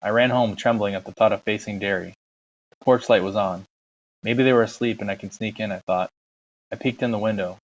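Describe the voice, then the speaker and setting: Low-voiced man reading a novel aloud. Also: fairly even intonation, fairly quick, poor audio. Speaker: audiobook reader.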